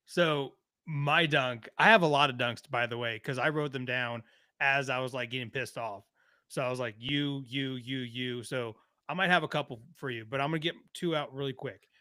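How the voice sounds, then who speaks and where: A man's voice: mid-range voice, fairly quick, pushed and bright, dry recording, studio quality. A man from Texas, co-hosting a podcast and ranting in a casual, profane, joking way about sports. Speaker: podcast co-host.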